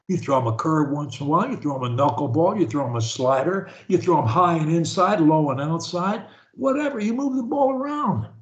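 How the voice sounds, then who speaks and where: A man coaching a stutterer over a video call, preachy and animated, swinging from loud to whispered. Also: a little high, roomy sound. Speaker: speech coach.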